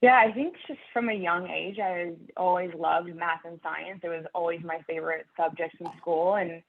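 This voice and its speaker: A woman engineer speaks as a panelist in a thoughtful, reflective way. Her low voice has a gravelly edge. The audio is thin and tinny, like a phone line. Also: steady tone, normal speed. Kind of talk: panel discussion.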